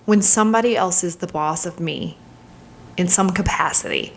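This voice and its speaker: A woman's voice: mid-range voice, brisk, a little hiss or hum. A woman in her thirties telling a personal story in a candid, searching way, sometimes dropping into a whisper as she relives a moment. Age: 30s. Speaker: vlogger.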